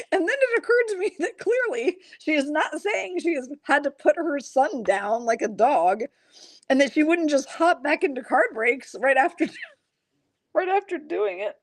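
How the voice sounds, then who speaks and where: A woman with a fairly high voice hosts a live card break stream, calling out cards and reading the chat. She is chatty, pokes fun at herself, and keeps breaking into giggles. The sound is close and dry, with no room echo. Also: expressive, measured pace. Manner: chatty and self-mocking.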